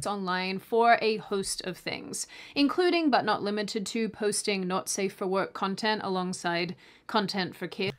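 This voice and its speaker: A woman reading scripted online commentary in a middle-pitched voice. She is sarcastic and dry, breaking off for quick mock apologies before moving on.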